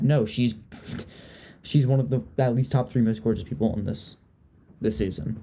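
A young man from Richmond, Virginia hosts a casual chat podcast, chatty and gossipy, often trailing off and starting over. He has a mid-range, dark-toned voice with fairly even intonation and a brisk pace.

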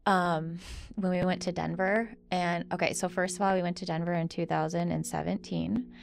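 A middle-aged woman chatting casually as a podcast co-host, with a gravelly, creaky edge to her voice. She talks in an animated way and swears freely when something riles her. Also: fairly low pitch, moderate pace. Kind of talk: casual chat.

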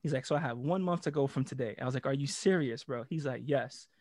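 A man co-hosting a casual chat, telling a story in an animated, profane way and laughing often. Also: medium pitch, fast, no echo, clean studio sound. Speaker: podcast co-host.

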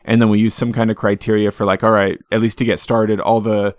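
A young man hosting a podcast interview, easygoing and reflective, answering with quick short replies. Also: on the low side, flat delivery, dry recording, studio quality. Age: young adult. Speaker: podcast host. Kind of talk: casual interview chat.

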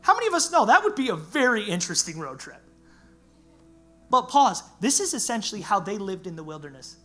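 A man preaching a sermon as pastor, animated and conversational, with slang and acted-out quotes. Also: high voice, a little fast, faint music behind.

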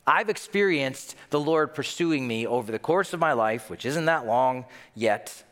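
A young man preaching a sermon, animated and playful, telling stories and acting out voices. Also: mid-range voice, measured pace. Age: young adult. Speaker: pastor. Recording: long hall reverb.

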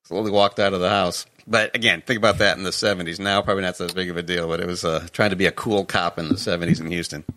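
Bright-voiced man telling a story. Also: low-pitched, fast talker, hardly any pauses, no room sound. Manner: animated anecdote teller. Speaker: podcast co-host. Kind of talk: casual chat, storytelling.

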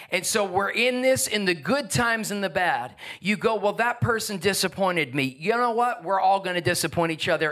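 A man's voice: high voice, pushed and bright. A man preaching a sermon, telling a personal story in a conversational way and asking the congregation questions. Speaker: pastor.

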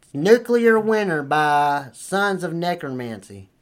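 A man's voice: on the high side, sing-song, slow. A man trading crude, boastful banter and cussing often between lines. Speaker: backyard singer. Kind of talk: comedic redneck banter and bad singing.

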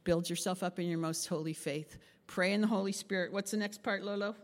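A woman's voice: lowish voice, steady tone, a little fast. A woman pastor giving a chatty, interactive sermon and asking the group questions. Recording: long hall reverb.

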